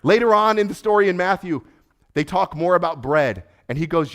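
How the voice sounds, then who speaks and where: A male pastor delivering a sermon in a somewhat high voice. He is animated and urgent, dropping to near hushed tones and then rising again. He acts out the voices of the people in his story as he goes. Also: quick pace. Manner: animated, acts out voices of Jesus and Peter, swings from loud to hushed.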